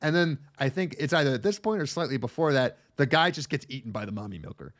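A man co-hosts a podcast and recaps an anime in a loose, rambling way. His talk is crude and halting, full of ums and restarts. His pitch sits in an ordinary middle range. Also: very animated. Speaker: podcast co-host. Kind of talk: casual chat recapping an anime.

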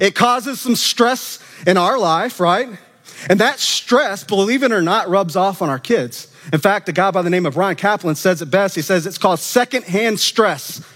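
A man preaching an animated, conversational sermon as a student minister, acting out quoted voices. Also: high-pitched. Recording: long reverb of a church hall.

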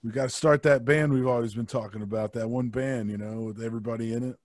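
A man's voice: medium pitch, fairly even intonation, fast, darkish tone, no echo. Jokey man in a dry room. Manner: jokey, sings snatches of songs. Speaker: podcast guest. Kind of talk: casual chat.

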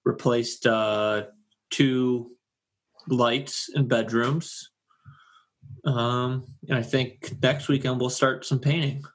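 A man as a guest in casual chat, halting with ums and uhs. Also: mid-range voice, little pitch movement.

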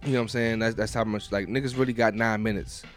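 A man co-hosting a podcast, recapping battle rap events in casual chat, animated and emphatic, swearing freely. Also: lowish voice, fast, faint music behind.

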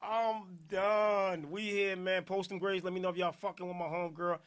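A man from Newark with a New Jersey accent, hosting a casual podcast, loud and playful, laughing often and shouting out listeners. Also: high voice, flat delivery, normal speed. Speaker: podcast host.

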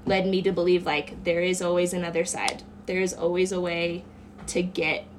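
Female podcast guest, lower voice, reflective personal storyteller, casual and earnest. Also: level tone, normal speed, slight background noise. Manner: earnest, reflective, with many fillers like "um" and "like".

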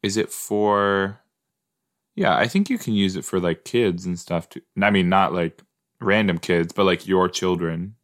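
A man's voice: sits low, a little slow, fairly bright tone. A man hosting a podcast, giving casual, playful reaction commentary while watching a show and laughing easily. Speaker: podcast host.

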